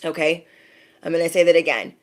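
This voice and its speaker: A woman's voice: low-pitched, brisk. A woman giving a casual spiritual pep talk, speaking emphatically, repeating her points, and often asking "okay?". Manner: emphatic, repeats phrases, direct address with frequent "okay?". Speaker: spiritual reader.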